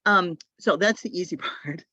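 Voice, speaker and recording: A woman leading a tutor training session over a video call, giving advice in a chatty way with quick asides. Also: fairly low pitch, sharp tone, no echo, muffled recording.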